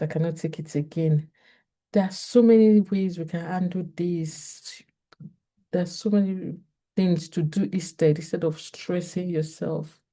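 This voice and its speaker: A woman's voice: lowish voice, warm tone. A woman with a Nigerian English accent giving earnest parenting advice straight to camera, repeating her key points and speaking directly to parents.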